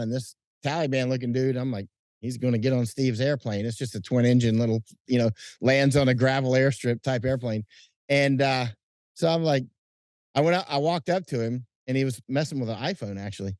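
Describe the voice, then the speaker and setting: A middle-aged man chatting outdoors at night as an interview guest, telling animated stories with frequent restarts and chuckles. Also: mid-range voice, no room sound, clean studio sound. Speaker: interview guest, combat correspondent. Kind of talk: casual interview chat. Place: outdoors at night under lights.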